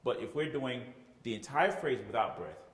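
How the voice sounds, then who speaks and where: A man's voice: mid-range voice, lively intonation, moderate pace. Man teaching choir in an echoey hall. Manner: explanatory, says "okay?" often, sings phrases to demonstrate. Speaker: choir director. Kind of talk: instructional talk with sung examples. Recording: echoey room with long reverb.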